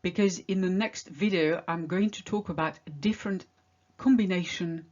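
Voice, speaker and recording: A woman teaching a pronunciation lesson, drilling example words one at a time with slow, careful delivery. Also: on the low side, darkish tone, muffled recording. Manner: slow, deliberate word-by-word drilling. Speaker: French teacher.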